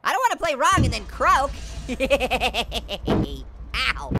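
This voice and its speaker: A squeaky, giggly cartoon orange. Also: male voice, wildly swooping pitch, takes it slowly, sharp tone, full character voice. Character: hyper, giggly talking orange, pun-loving, male. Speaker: game commentator. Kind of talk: gameplay commentary. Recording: noisy recording.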